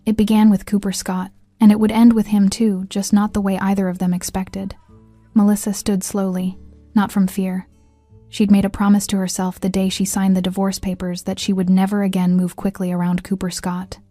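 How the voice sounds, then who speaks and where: A woman narrating a story in a measured, even reading. Her voice is dark and mellow, and her pitch barely moves. The recording is dry, and soft music plays faintly underneath. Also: no room sound.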